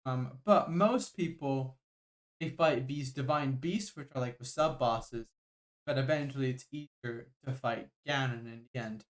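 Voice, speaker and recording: A man's voice: mid-range voice, unhurried. A man co-hosting a podcast, chatting casually and joking, explaining things through video game analogies. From Bangladesh. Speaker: podcast co-host. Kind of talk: casual chat.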